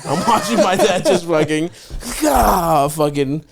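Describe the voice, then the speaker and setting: Higher-voiced laughing podcast host. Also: male voice, expressive, measured pace, creaky, a little hiss or hum. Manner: laughs often, strings of "yeah, yeah", swears freely. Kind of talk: casual chat.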